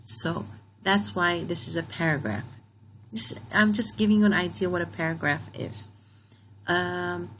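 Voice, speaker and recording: A woman teacher explaining a grammar lesson in a patient, step-by-step way, reading each example sentence slowly and then repeating it. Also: on the low side, fairly even intonation, a bit bright, slight background noise, poor audio.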